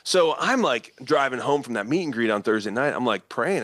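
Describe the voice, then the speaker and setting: A man's voice: medium pitch, animated, brisk, fairly bright tone, no room sound. A man with a Midwestern American accent, telling a story as a guest in an interview, acting out quoted voices and laughing often. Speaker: guest, politician and former pastor. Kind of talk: animated storytelling in conversation.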